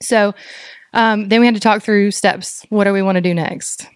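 A woman guest on a podcast interview, speaking earnestly and haltingly with many fillers as she describes her experience as a doula and mother. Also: medium pitch, fairly even intonation, smooth, no echo, clean studio sound. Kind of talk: conversational interview.

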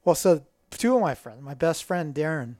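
A middle-aged man spins a story as a guest, with animated delivery and acted-out quotes. His voice sits fairly high for a man. The sound is dry and close, with little room sound. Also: normal speed, no echo. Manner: animated, acts out quoted dialogue. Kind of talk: casual storytelling.

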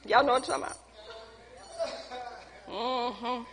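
A woman delivers a lively, playful sermon, laughing and calling out to the congregation in front of her. Her voice is very high and bright, and she keeps a measured pace. A long reverb from the church hall trails after her words.

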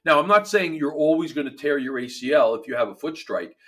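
A man's voice: fairly high pitch, animated, fairly quick, fairly bright tone, breathy edge. A man with a New Jersey accent, a performance coach talking emphatically in a casual podcast chat, often restarting his phrases.

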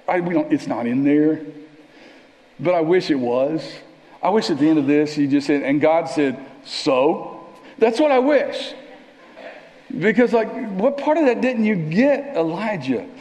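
A man preaching a sermon in a church, conversational and animated, sometimes dropping to a near whisper. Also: a little high, measured pace, pauses often. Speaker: pastor. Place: church sanctuary. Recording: long reverb of a church hall.

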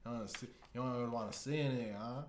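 A man voicing a grumbling male superhero with a slow Southern US drawl, repeating taunting questions, in an echoey room with faint hiss. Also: mid-range voice, fairly even intonation, lightly acted.

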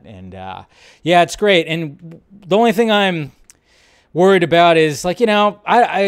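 A man's voice: mid-range voice, clear, resonant tone. A man hosting a live stream, chatting casually and rambling as he reacts to tweets and trailers. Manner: rambling, restarts sentences, reacts aloud. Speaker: host.

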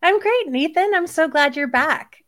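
A woman co-hosting a podcast, upbeat and quick in casual chat. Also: very high-pitched, lively intonation, fairly bright tone. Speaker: podcast co-host.

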